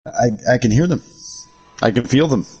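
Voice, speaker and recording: A man's voice: medium pitch, expressive, normal speed, a little mellow, slightly rough, muffled recording. An American man chatting casually with viewers while streaming a game, joking and swearing. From United States. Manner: profane joking banter with chat. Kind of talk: casual livestream chat.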